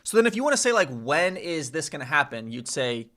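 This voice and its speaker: A man's voice: on the high side, big pitch swings, fairly quick, fairly bright tone. A man streaming live, learning a language and thinking aloud, repeating phrases and correcting himself. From United States. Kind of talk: casual live-stream self-study.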